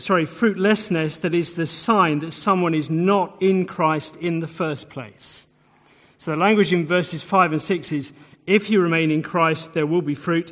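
A man delivers an expository sermon, his voice sitting a little high for a man. He leans on repetition for emphasis, and a long hall reverb trails each phrase. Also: fairly bright tone. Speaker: preacher.

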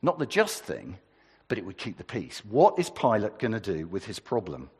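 A man preaching a sermon with a husky voice, conversational and asking the congregation questions. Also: lowish voice, huge pitch swings, normal speed, in a large hall.

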